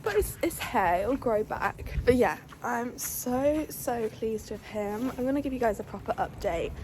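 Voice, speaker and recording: A young woman vlogging about her horse chats away and babies him fondly. Her voice is on the high side, animated yet a little slow, with a darkish tone and a bit of hiss or hum in the recording.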